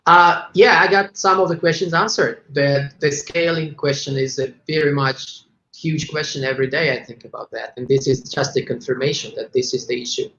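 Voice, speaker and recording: A man, a startup founder guest, reflecting on the show in a halting, hesitant way. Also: on the high side, pushed and bright. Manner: hesitant, halting, restarts phrases. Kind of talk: casual reflection on a live show. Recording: echoey lo-fi remote audio.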